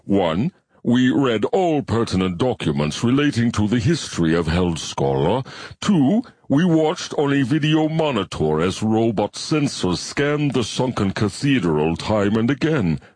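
A man voicing a large alien bivalve creature in an audiobook, speaking slowly and precisely like a lecturer. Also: mid-range voice, big pitch swings, darkish tone, no room sound, voice pushed up. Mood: lecturing.

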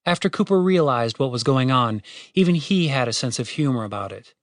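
A man narrating a fantasy audiobook in a steady, wry storytelling way, with casual swearing. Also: medium pitch, a little fast, dry recording, clean studio sound.

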